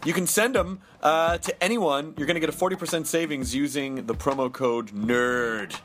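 A man's voice: fairly high pitch, a bit bright, a little hiss or hum. A man in his thirties hosting a podcast, joking around in casual comedic chat. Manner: joking, playful, quick asides. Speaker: podcast host.

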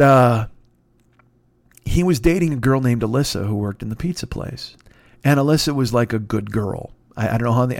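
A man's voice: mid-range voice, vocal fry, darkish tone, no echo. A man, hosting a podcast and telling a rambling, profane, self-mocking story full of restarts. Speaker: podcast host. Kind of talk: casual storytelling monologue.

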